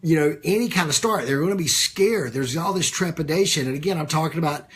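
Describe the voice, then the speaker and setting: A man delivers a business coaching talk on a live stream, speaking conversationally with lots of fillers and repeated phrases and stopping to greet viewers by name. His voice sits fairly high and sounds animated and a bit bright, with a breathy edge.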